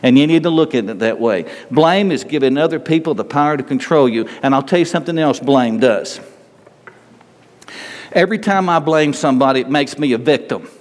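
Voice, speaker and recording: A man's voice: medium pitch, animated, a little fast. An older man preaching a sermon as pastor, emphatic and repetitive, asking the congregation rhetorical questions. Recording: long reverb of a large hall.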